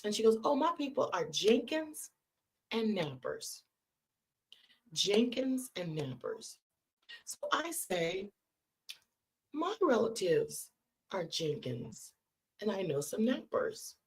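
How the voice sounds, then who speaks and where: Woman live-stream host, lively storyteller, talks to her listeners as "y'all". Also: mid-range voice, slow pace, pauses often. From California. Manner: animated, conversational, addresses listeners as y'all.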